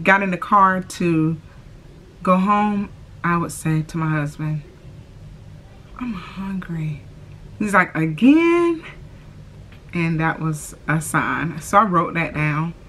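Vlogger, young adult woman, unhurried and chatty, slightly low voice, faint hiss behind. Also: a bit bright. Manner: chatty, drawls "y'all", lots of "like" and "oh my gosh". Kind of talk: casual chat to camera.

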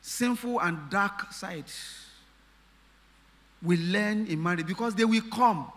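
A man's voice: sits high, slow, a bit bright, big-room sound. A man preaching a sermon as pastor, emphatic, repeating phrases and asking the congregation rhetorical questions. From Nigeria.

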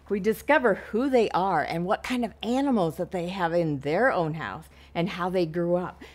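A woman librarian reading a picture book aloud at storytime, slow and expressive, pointing out words for children. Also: medium pitch.

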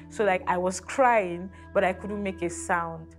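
A woman's voice: fairly low pitch, steady tone, faint music behind. A woman earnestly recounting a frightening personal episode. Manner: measured, earnest. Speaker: interviewee. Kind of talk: personal testimony.

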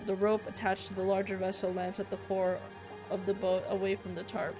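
A young woman streamer reads a narrative game's text aloud, breaking off into shocked exclamations and casual fillers. Her voice sits at a middle pitch. Faint game music plays behind her. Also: flat delivery, a little fast. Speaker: let's play streamer. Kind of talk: reading game text and reacting.

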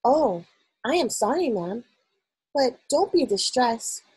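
A woman's voice: fairly high pitch, very animated, slow pace, darkish tone, husky, pitched above the performer's own voice, exaggerated voice. A woman voicing a nervous young maid who speaks in a quivering, deferential way, in a storybook reading. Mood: anxious. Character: young maid, timid and anxious.

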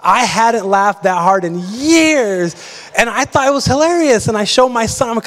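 A man's voice: very high voice, expressive, moderate pace, fairly bright tone. A young man preaching a casual, story-driven sermon as pastor, full of fillers like "like" and "um". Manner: chatty storytelling, lots of fillers. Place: large church. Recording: long reverb of a large church.

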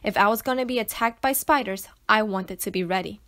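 A woman reading a children's novel aloud to schoolchildren, with an expressive storytelling manner. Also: mid-range voice, a little fast. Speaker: teacher reading to students.

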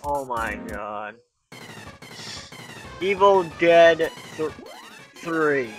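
A man's voice: on the high side, lively intonation, extremely slow, a bit bright, faint music behind. A man co-commentating a gameplay video with teasing, profane banter. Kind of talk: casual game commentary.

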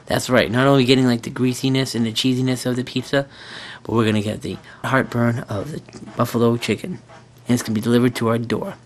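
A man's voice: medium pitch, fairly even intonation, a little hiss or hum. A young man chatting with a friend at home, eager and wisecracking. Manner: eager, wisecracking, quick reactions. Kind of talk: casual chat. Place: home living room.

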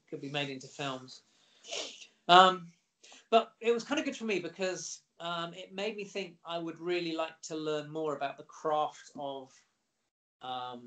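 A middle-aged man, an actor guest in a casual interview, telling animated, lively anecdotes. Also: on the high side.

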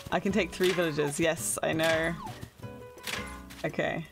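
A woman's voice: low voice, a little slow, gravelly, music in the background. A young woman casually chatting with viewers while playing a game on a live stream, often laughing, squealing and calling herself silly. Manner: excitable, squeals and laughs often, self-deprecating.

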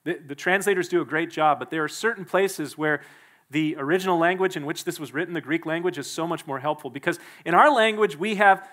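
A male pastor preaching a sermon in a church, emphatic and quick to act out the people he quotes. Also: fairly high pitch, a bit bright. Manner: emphatic, acts out the quoted speakers.

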